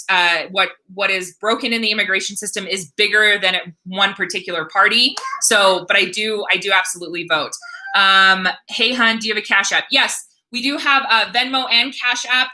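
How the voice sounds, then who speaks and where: A woman's voice: medium pitch, sharp tone, low-quality recording. A woman from the United States hosting a casual livestream Q&A, chatty, thanking viewers and reading comments aloud.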